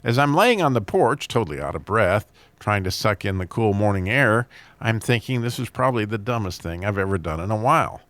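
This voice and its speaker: A man with a low voice reads a string of jokes and funny stories, chuckling at his own punchlines. He jumps up in pitch whenever he quotes a character. The sound is dry and close, with little room around it. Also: animated, fairly quick, a bit bright, no room sound. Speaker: host.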